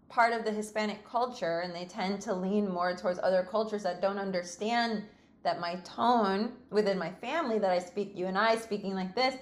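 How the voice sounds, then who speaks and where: A woman hosting a casual conversation, telling stories expressively and laughing often. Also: mid-range voice. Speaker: podcast host.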